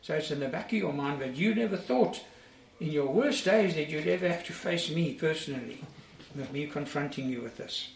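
A man's voice: a little high, lively intonation, moderate pace, vocal fry. A man preaching a sermon in an earnest, emphatic way, repeating key phrases for weight. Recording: echoey room, distant mic, faint ambience.

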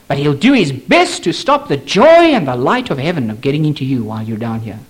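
A man preaching a sermon, earnest and pleading, asking the listener questions directly and slowing down for emphasis. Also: big pitch swings, breathy edge. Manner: earnest, pleading, dramatic swings in pitch and pace.

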